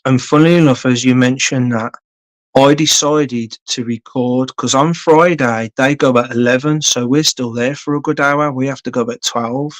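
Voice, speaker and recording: A man's voice: mid-range voice, fairly even intonation, normal speed. Casual male streamer: blunt, sweary, rambling, mid-range voice, lots of ums and uhs. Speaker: live streamer. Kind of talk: casual live-stream storytelling.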